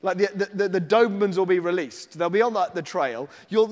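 A man's voice: high voice, a little fast, long reverb tail. A man preaching a sermon, telling the story animatedly and slipping into acted voices.

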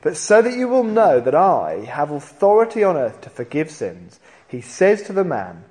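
The preacher's voice is a little high and his pace moderate. He narrates his sermon's story in a lively way, acting out each figure's voice, with long hall reverb around him.

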